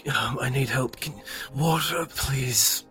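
A man voicing a feverish, half-conscious man who speaks in a faint, halting, breathy way. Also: medium pitch, pushed and bright, faint music behind. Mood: dazed. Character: weak, feverish man faking snakebite collapse.

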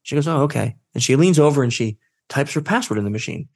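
A man telling a story as a guest in a career interview, acting out the dialogue and jumping up in pitch when he quotes people. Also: quick pace. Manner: animated, acts out quoted dialogue with his voice jumping up. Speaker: guest, social engineer.

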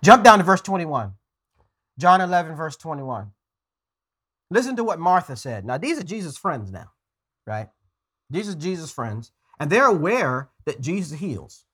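A man's voice: on the high side, big pitch swings, normal speed, long pauses, a bit bright, breathy edge. A man preaching a conversational sermon as pastor, earnest, often stumbling and repeating words as he goes.

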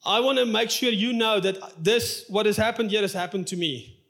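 A man's voice: high-pitched, normal speed, vocal fry, a bit bright. A male pastor preaching a sermon in a church, telling a personal story in an open, emotional, confessional way.

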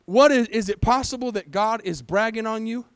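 A man with a high voice preaches a lively sermon, throwing rhetorical questions at his congregation and waiting for them to answer. His delivery is animated and conversational, swinging between loud pushes and quiet asides. The sound is dry and close. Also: moderate pace, clean tone, no room sound. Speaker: pastor. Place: church.

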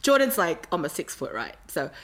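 Aussie lady rambling thru a story, kinda low voice, lots of ums. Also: sing-song, moderate pace. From Australia. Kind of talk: casual chat.

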